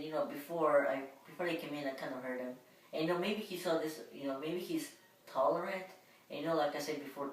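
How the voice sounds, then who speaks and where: A woman's voice: sits low, recorded from a distance. A woman vlogger telling a personal story in a casual, rambling way, full of filler words. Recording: very echoey room, voice away from mic, faint hum.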